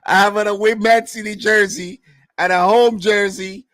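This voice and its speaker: A man's voice: high voice, fairly even intonation, moderate pace, fairly bright tone. A young man with a New York accent hosting a casual football chat, laid-back and slangy, often repeating himself. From United States. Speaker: football podcast host.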